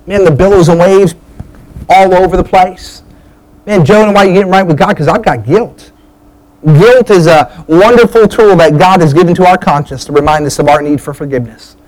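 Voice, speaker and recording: A man preaching a lively, folksy sermon, with animated bursts as he drives his points home. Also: sits high, brisk, rough recording.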